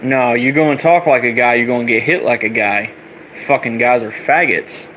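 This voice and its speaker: A man's voice: mid-range voice, moderate pace, a bit bright, a little hiss or hum, rough recording. Man in a heated, profane rant. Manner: heated, profane, repetitive ranting. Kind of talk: angry political rant vlog.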